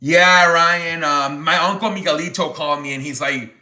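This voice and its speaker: A man hosting a casual live-stream sports chat, excitable and profane, reacting loudly to viewer donations. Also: a little high, normal speed, hardly any pauses, roomy sound. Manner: excitable, swears, exclaims "holy frijoles" over donations. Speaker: livestream sports show host.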